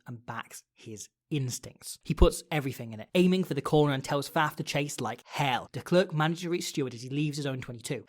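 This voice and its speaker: A man narrating scripted rugby analysis as the channel's host, with a quick, wry, playful delivery and jokes. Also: on the high side.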